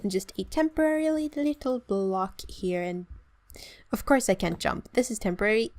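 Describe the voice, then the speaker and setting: A woman's voice: mid-range voice, darkish tone. A young woman with a Swedish accent, chatting casually as she walks through a build in a game. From Sweden. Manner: chatty, self-deprecating, explains as she builds. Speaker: let's play host. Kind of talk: casual gameplay commentary.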